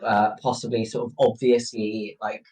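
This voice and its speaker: A man's voice: fairly low pitch, level tone, moderate pace, darkish tone, faint music behind, rough recording. A man playing a tabletop game, talking hesitantly with many fillers. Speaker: player. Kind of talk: casual game chat.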